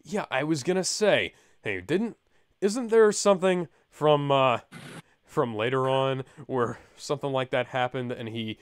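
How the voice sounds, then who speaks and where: A man's voice: mid-range voice, unhurried, vocal fry, smooth, dry recording. Dry-voiced man reading a book aloud. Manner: wry, deadpan asides. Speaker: podcast host and reader.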